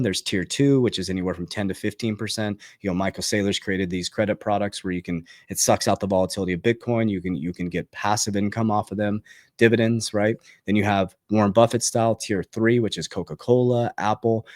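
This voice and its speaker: Fired-up low-voiced man coaching finance. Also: no room sound, studio quality. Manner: emphatic, repeats key phrases, fired up. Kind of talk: motivational finance monologue.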